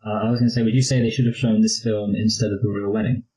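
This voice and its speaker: A young man co-hosts a casual movie review chat, rambling and joking and slipping into posh impressions. His fairly low voice barely moves in pitch and comes out very fast, over poor audio with a crowd in the background.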